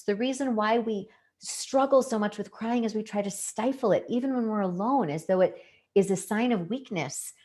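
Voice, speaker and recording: A woman presents an educational talk in a voice of ordinary middle pitch. She explains things earnestly and puts clear stress on her key words, in a patient, teaching way.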